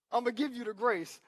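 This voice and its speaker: A man's voice: very high-pitched, a bit bright, slightly rough, no echo, studio quality, full character voice. A male pastor voicing a protective father who warns another man to back off.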